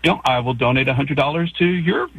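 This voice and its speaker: A man's voice: medium pitch, animated, quick pace, a bit bright, breathy edge, no echo, low-quality recording. A man from Arkansas calling in to sports radio, hesitant and stammering but earnest. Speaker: caller. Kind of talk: call-in radio chat.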